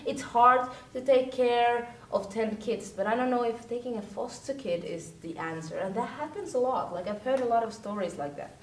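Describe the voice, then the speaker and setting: A woman's voice: moderate pace, few pauses, lightly acted. A young woman playing a chatty dramatic orphan girl. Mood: animated. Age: teens. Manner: rambling, hesitant, full of restarts and fillers. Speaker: actor in a vlog-style web series. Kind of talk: vlog-style storytelling to a friend. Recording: roomy sound from a distant mic, faint rumble.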